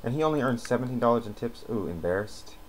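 A man's voice: medium pitch, expressive, quick pace. A man giving casual gameplay commentary, sarcastic and swearing as he talks at the game characters, at a desk mic. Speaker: let's play commentator. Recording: noisy home recording with keyboard clicks.

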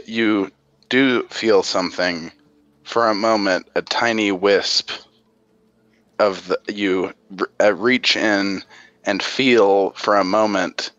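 Slow, deep-voiced male game master. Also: fairly bright tone, dry recording, lo-fi sound. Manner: measured, descriptive narration. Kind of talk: narrating a tabletop game.

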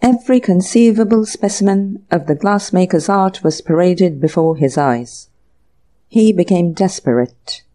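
An audiobook narrator reading a classic mystery story in measured, even scripted narration. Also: medium pitch.

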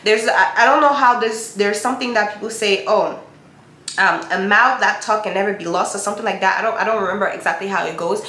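Woman, Christian YouTuber, emphatic repetitive exhortation, mid pitch, roomy echo. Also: fast, sharp tone. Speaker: Christian YouTuber giving encouragement. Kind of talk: motivational Bible talk.

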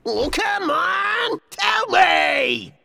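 A woman voicing a bumbling, grumpy male logger in an animated film, yelping and stammering with music behind. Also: very high voice, very slow, creaky, no room sound, raised voice, heavily acted. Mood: angry. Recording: music bed under dialogue.

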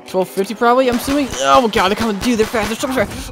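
A man commentating his own gameplay, frantic, yelling, swearing at the game and talking to his viewers. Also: high voice, lively intonation, racing, hardly any pauses, very noisy. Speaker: gaming channel host.

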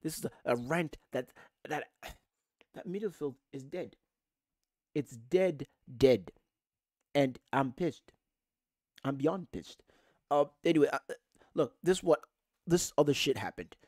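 A man's voice: fairly high pitch, lively intonation, slow, long pauses, a little mellow, dry recording. A man, hosting a podcast, ranting angrily about football with lots of swearing and emphatic repetition. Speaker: podcast host. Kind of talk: casual football rant.

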